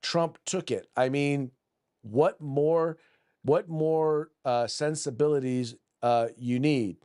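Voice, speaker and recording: A man's voice: on the high side, slow pace, a little mellow, smooth. A man hosting a political podcast, combative and blunt, who reads news articles aloud, often restarts and repeats words. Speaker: podcast host.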